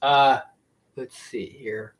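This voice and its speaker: A man's voice: mid-range voice, steady tone, drawn-out words, noisy background. A young man in casual live-stream chat, rambling with many fillers and restarts as he answers viewers. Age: young adult. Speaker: YouTube streamer.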